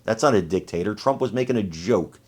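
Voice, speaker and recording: A man's voice: lowish voice, animated, brisk, darkish tone, husky. A man hosting his channel, giving emphatic, indignant political commentary. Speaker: channel host.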